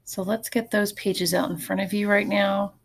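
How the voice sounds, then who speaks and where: A woman teacher giving an online phonics lesson, patient and slow, often repeating words. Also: medium pitch, steady tone, gravelly, noisy background.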